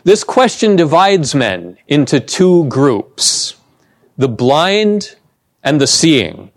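Slow, deliberate male preacher. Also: a little high, big pitch swings, no room sound, clean studio sound. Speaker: pastor. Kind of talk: sermon.

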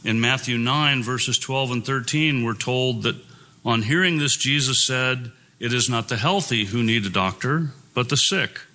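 A man delivers a sermon with firm, earnest emphasis, quoting scripture and pressing his points home. His voice is bright and forceful, sitting at an ordinary male pitch. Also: measured pace. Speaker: preacher.

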